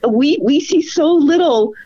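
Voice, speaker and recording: A woman guest in a casual interview, speaking warmly and reflectively. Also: high-pitched, expressive, a little slow, a little hiss or hum. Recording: dry, dull sound.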